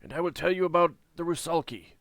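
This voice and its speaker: A man voicing a hoarse, croaking stranger who hisses from behind a closed door. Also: a little high, quick pace, fairly bright tone, dry recording, voice pushed up. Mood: ominous. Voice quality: hoarse, hissing.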